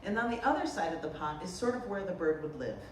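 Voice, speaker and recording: A woman from the Boston area, a potter giving a humorous artist talk, telling stories in an animated, joking way. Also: on the low side, fast talker. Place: lecture room at a festival. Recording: roomy, distant mic, faint noise.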